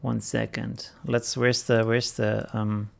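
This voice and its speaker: A man's voice: on the low side, level tone, slow, creaky. A man with a German accent hosting a casual live stream, greeting viewers by name and chuckling often.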